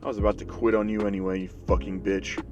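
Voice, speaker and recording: A man voicing a gruff male teacher who speaks bluntly and with profanity in a fan story. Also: on the low side, level tone, fast talker, distant mic, lo-fi sound, over music, natural voice. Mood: blunt defiant.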